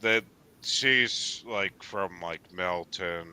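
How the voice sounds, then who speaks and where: Man, slow-talking, bright tone, smooth voice, rambling casual host, swears a lot. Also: low-pitched, no echo. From New England. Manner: rambling, swears freely, many fillers. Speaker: livestream host. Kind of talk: casual chat.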